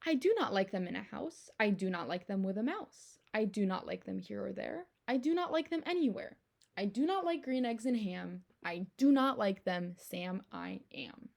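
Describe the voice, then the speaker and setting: A woman's voice: medium pitch, lively intonation, normal speed, creaky, darkish tone. A woman voicing a stubborn, grumpy male picky eater who turns food down again and again with heavy emphasis. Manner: emphatic, repetitive refusals.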